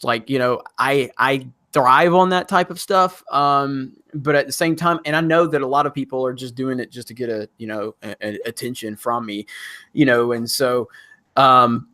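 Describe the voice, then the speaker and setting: A man's voice: mid-range voice, sharp tone, dry recording, studio quality. A man hosting a casual livestream chat, reading viewer comments in a rambling way with frequent restarts. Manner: rambling, restarts often, laughs now and then. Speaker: livestream host.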